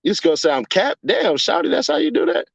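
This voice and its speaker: A young man chatting casually on a livestream and reading his chat aloud, cursing, laughing often, and jumping from mumbling to yelling. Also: very high-pitched, wildly swooping pitch, fast talker, creaky, dry recording. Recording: dull lo-fi dry sound.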